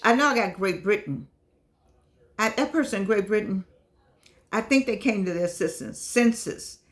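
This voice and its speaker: An older woman chatting casually to her viewers in a vlog, lively and affectionate, wandering from one aside to the next. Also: mid-range voice, moderate pace. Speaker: vlogger.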